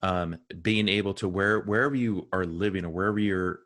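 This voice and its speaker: Enthusiastic low-voiced male podcast host. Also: fairly even intonation, a little fast, fairly bright tone. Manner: friendly, enthusiastic, says "dude". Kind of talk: casual interview chat.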